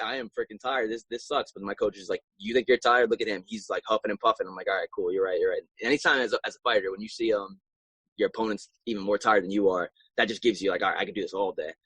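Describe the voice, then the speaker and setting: A young man and professional fighter telling his story in a casual interview, animated and acting out his own past reactions. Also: on the low side, breathy edge, no room sound, low-quality recording.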